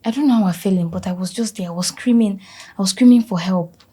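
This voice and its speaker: A young actress playing an anxious, dutiful daughter who talks softly and apologetically. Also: female voice, mid-range voice, fast talker, breathy edge, natural voice. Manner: soft, apologetic, half-whispered.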